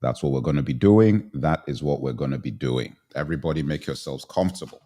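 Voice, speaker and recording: Middle-aged guy with a super deep voice on a live stream, says everything twice, bit stuffy from sneezing. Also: expressive, brisk, mellow. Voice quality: repetitive, says phrases twice. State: sneezing, slightly congested. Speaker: live show host. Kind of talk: live-stream commentary, greeting viewers.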